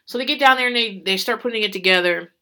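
Bright-voiced woman in casual chat. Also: fairly high pitch, fast. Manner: swears freely, rambling, laughs often. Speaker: podcast host recapping a reality show.

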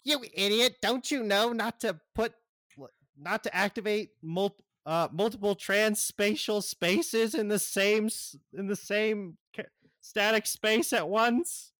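A man voicing a bratty boy genius villain who shrieks insults in a panicky, high voice during a tabletop game. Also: slow pace, fairly bright tone, no echo, studio quality. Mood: shrieking angry. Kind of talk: tabletop role-play voice.

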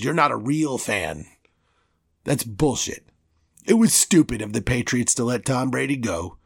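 A man's voice: medium pitch, fairly bright tone. A man hosting a sports podcast, delivering a heated, profane rant with strong emphasis.

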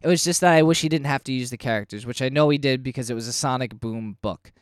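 A man co-hosting a casual podcast, reviewing comics and getting animated and swearing when worked up. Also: medium pitch, quick pace, clean tone, dry recording, clean studio sound. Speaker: podcast co-host.

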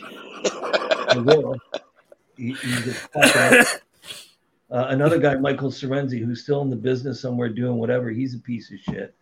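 A man's voice: mid-range voice, normal speed, long pauses. A middle-aged man telling blunt, profane stories about his career as a podcast guest. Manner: blunt, profane, animated storytelling. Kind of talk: casual storytelling. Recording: dull lo-fi sound.

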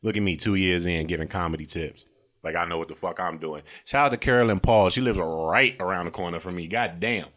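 A man's voice: low voice, a little fast, a bit bright. A young man hosting a casual comedy podcast from a car, profane and loose, laughing often and slipping into silly voices. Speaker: podcast host.

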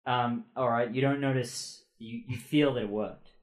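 A man's voice: mid-range voice, steady tone, moderate pace. A man narrating as game master of a tabletop game, hesitant and full of ums.

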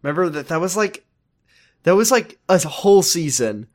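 A man's voice: a little high, very animated, normal speed. A man co-hosting a casual podcast, recapping a TV show with sardonic jokes and casual swearing. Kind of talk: casual chat.

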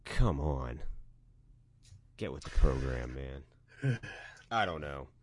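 A man's voice: a bass voice, takes it slowly, no room sound. A man co-hosting a podcast, chatting casually and acting out people in his stories. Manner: animated storyteller, mimics people. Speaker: podcast co-host. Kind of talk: casual chat.

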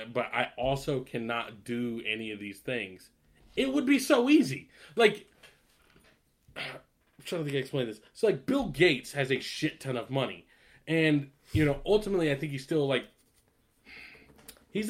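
Brief: man, casual podcast rant, bright edge to the voice, swears freely. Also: medium pitch. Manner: ranting, profane, laughing often. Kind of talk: casual chat.

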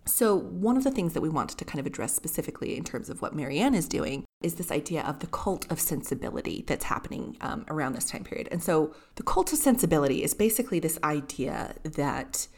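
A woman's voice: low voice, sing-song, a little fast, few pauses, darkish tone. A woman co-hosting a podcast, chatting casually about a novel with lots of filler words. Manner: chatty, many fillers like "kind of" and "like". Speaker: podcast co-host. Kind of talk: casual literary podcast chat.

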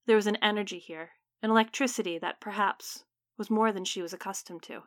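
A woman reading a story aloud in measured, dramatic audiobook narration. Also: medium pitch, fairly even intonation, dry recording, clean studio sound.

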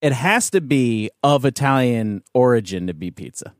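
A man's voice: mid-range voice, lively intonation, moderate pace, no room sound, clean studio sound. A man hosting a casual chat, leading the talk in a chatty, playful way. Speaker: podcast host.

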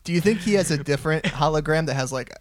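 A man's voice: on the high side, fast talker, background noise. A man co-hosting a casual podcast chat, cracking crude jokes playfully. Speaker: podcast co-host.

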